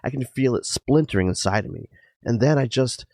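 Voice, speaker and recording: A man hosting a podcast, narrating a personal story in a dramatic first-person style, intense and emotional with sudden loud outbursts. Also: medium pitch, fairly quick, no room sound. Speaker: podcast host. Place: garage.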